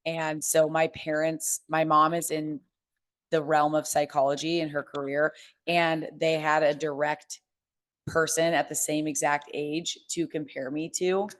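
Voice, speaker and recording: A woman's voice: sits low, level tone, unhurried. A young woman hosting a podcast, talking openly and with feeling, full of fillers and restarts. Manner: open, emotional, chatty with many fillers and restarts. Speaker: podcast host. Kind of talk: candid casual chat.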